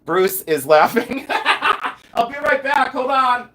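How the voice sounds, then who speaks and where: A man's voice: extremely high pitch, sing-song, slow, a bit bright. A chatty man hosting a live jewelry stream from his second house, reading viewer comments aloud and teasing people with lots of giggles.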